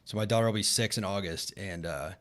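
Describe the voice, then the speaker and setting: A man's voice: fairly low pitch, fast talker. A man in his thirties hosting a live Q&A, talking loosely and rambling with lots of fillers. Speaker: podcast host. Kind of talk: casual live Q&A chat.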